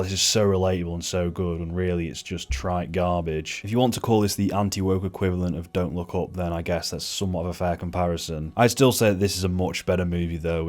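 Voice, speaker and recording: A man talks through a film review in a deep, low voice. He is blunt and candid, owning up to his bias with self-aware asides. His opinions come out frank and unpolished. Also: a little mellow. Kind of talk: opinionated spoken movie review.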